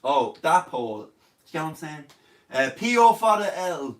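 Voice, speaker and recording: A man in his thirties with an Irish accent, talking on a live stream in a jokey, rambling way and breaking into silly voices. His voice sits fairly high, and he sounds a little away from the mic in an echoey room. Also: very animated, measured pace, far from the mic. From Ireland. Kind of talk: casual live-stream chat.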